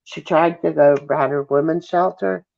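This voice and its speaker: A woman's voice: low-pitched, fairly even intonation, moderate pace, vocal fry, darkish tone. A middle-aged woman, a mother giving an emotional interview who often halts, apologizes and loses her thread. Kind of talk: emotional interview over a call. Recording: dull, lo-fi call audio.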